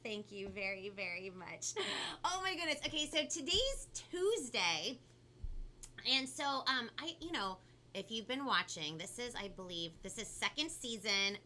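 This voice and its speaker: A chatty woman from California with a Valley girl accent, hosting a kids' live stream and talking a lot and quickly. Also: on the high side, big pitch swings, sharp tone, slight background noise. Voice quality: talks a lot and fast, bubbly. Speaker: kids' show host.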